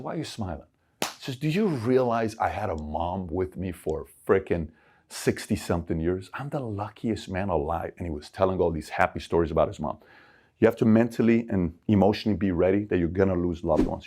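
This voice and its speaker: His voice sits low as he gives a lively, forceful motivational talk on life. The middle-aged Iranian man performs the people he quotes as he goes.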